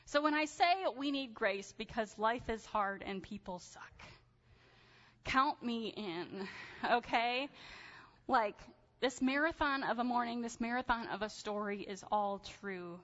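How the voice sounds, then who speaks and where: A woman in her thirties telling a personal story in a sermon, animated and chatty with casual fillers. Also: on the high side, measured pace. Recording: dull sound with long hall reverb.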